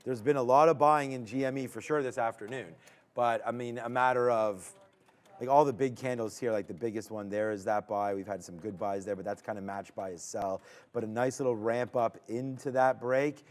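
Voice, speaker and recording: A man calling trades live on a stock stream, his voice smooth and resonant. He talks to the chart as it moves, cheering the price on and groaning when it stalls, sometimes jumping to near shouts. The delivery is loose and unscripted. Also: medium pitch, fairly quick. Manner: restless, urging the price on, rising to excited shouts. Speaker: stock trading stream host. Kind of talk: live trading commentary.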